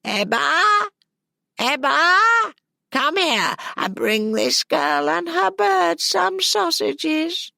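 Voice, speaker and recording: A woman's voice: wildly swooping pitch, vocal fry, no room sound, clean studio sound, heavily acted. A woman voicing a chatty, bossy old woman over eighty who tells stories at an inn. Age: over 80 (figure). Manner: high, slow and loud calls.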